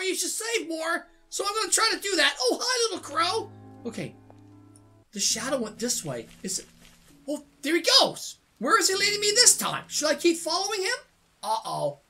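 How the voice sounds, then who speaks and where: A woman from Canada hosting a let's-play, excitable and laughing as she chats to viewers. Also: high-pitched. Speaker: gaming channel host. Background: faint game music.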